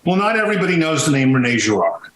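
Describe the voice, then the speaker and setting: Animated man with a roomy echo. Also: fast talker. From Sicilian heritage. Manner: animated storytelling, swings into high pitch when emphatic. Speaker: podcast guest, music historian. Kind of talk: conversational interview.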